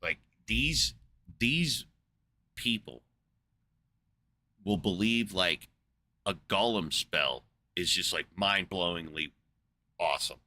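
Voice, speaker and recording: A man's voice: low voice, lively intonation, slow, long pauses, pushed and bright. A man in a casual, rambling monologue, swearing a lot, incredulous and full of fillers. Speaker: podcast host. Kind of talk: casual profane rant.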